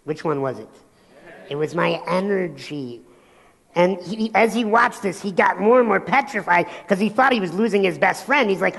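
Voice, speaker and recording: A male motivational speaker giving an animated keynote, telling stories and acting out voices in a large hall. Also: sits high, moderate pace, gravelly. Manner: animated storytelling, acts out voices. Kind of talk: keynote talk on stage. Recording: long hall reverb.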